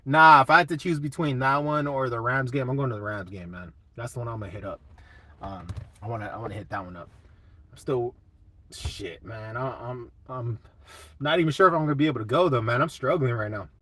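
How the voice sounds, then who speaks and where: A man's voice: mid-range voice, a little fast, a bit bright, no echo. A young man hosting a casual live chat, laid-back and swearing a lot while answering comments.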